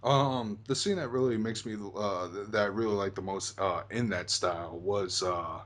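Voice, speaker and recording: A young man hosts a casual talk about a video game, speaking in a fairly low voice. He rambles, trailing off into fillers and restarting his sentences often. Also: moderate pace, a bit bright. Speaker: host.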